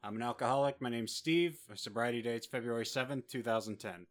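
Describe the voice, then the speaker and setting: A man's voice: medium pitch, a little fast. A man hosting a podcast, opening the show and introducing guests in a teasing, jokey way. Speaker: podcast host. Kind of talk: casual podcast chat.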